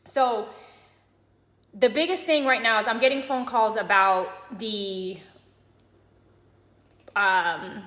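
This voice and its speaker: A woman's voice: medium pitch, slow, pauses often, fairly bright tone. A woman working as a mortgage loan officer who gives casual advice straight to her viewers and keeps checking in with them by asking "okay?" and "right?". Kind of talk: casual direct-to-camera advice. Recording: echoey room.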